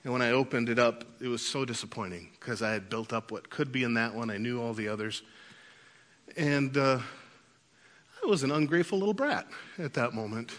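A man preaching a sermon, telling lively childhood stories and laughing through them. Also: mid-range voice, a little fast. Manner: animated storyteller, laughs through anecdotes. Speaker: pastor. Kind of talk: sermon with storytelling.

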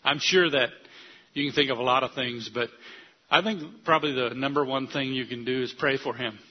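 An older man, a pastor, preaching an earnest sermon that rises to loud declarations. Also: mid-range voice, brisk, dull audio.

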